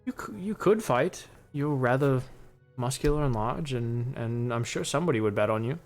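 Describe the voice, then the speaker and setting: A man's voice: mid-range voice, animated, moderate pace, soft background music, natural voice. A man voicing a prim, proper male bookie in a put-on British accent during a tabletop game. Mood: appraising. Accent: fake British accent. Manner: stiff and proper.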